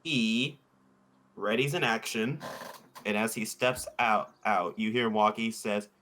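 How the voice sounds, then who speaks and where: A man's voice: fairly low pitch, measured pace, pushed and bright, a little hiss or hum. A man playing a tabletop game, narrating his character's actions and laughing at his rolls. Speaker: player. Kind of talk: casual tabletop play.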